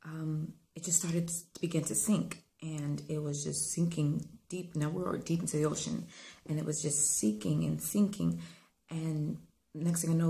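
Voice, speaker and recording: A woman with a low voice speaks to her viewers with faith-based encouragement. Her tone is mellow and gravelly, and she talks earnestly with many fillers. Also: a little hiss or hum. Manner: earnest, conversational, with frequent fillers; rising to fervent preaching tone. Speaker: inspirational vlogger.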